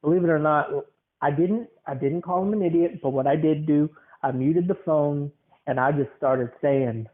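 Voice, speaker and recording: A man's voice: a little high, normal speed. A man hosting a podcast, rambling casually, repeating words and leaning on fillers. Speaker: podcast host. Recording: tinny phone-line sound.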